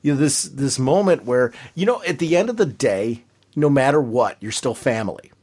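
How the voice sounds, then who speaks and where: Guy cohosting a podcast, kinda raspy voice, really into it, keeps hammering his point. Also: mid-range voice, animated, normal speed, darkish tone. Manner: emphatic, enthusiastic, repeats points. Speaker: podcast co-host. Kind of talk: casual podcast chat.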